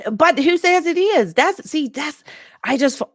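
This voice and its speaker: A woman's voice: sits high, a little slow, no echo. A woman co-hosting a studio talk show, pushing back and cutting in as she debates a point. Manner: animated, pushes back, interjects.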